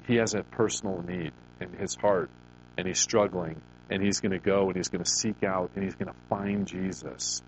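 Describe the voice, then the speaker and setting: A man's voice: sits low, steady tone, normal speed, highs cut off, slight background noise. A male pastor preaching a sermon in a conversational, storytelling way, often restarting his phrases.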